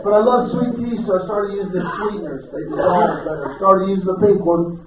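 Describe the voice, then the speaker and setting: A male stand-up comedian, performing an animated routine and acting out both sides of everyday conversations. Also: high voice, fairly quick, heavy background noise. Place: banquet hall at a church men's ministry dinner. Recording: echoey room, mic heard from a distance. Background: audience laughter.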